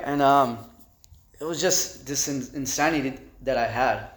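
A man giving personal testimony at a recovery meeting, halting and repeating words with conversational fillers. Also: mid-range voice. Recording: echoey room.

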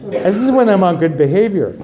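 A man sharing his own story at a recovery meeting, animated and acting out dialogue, then growing quiet and subdued on serious parts. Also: high voice, a little fast, a crowd in the background. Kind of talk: personal recovery share.

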